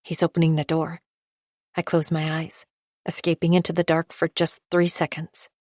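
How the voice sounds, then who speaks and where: Brief: female audiobook narrator, low and even, restrained first-person delivery, dry studio sound. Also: normal speed, no room sound.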